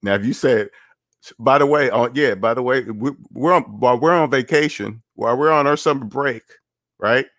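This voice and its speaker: A man's voice: mid-range voice, normal speed, fairly bright tone, no echo, studio quality. A man giving casual livestream commentary on personal finance, blunt and sarcastic, repeating his points.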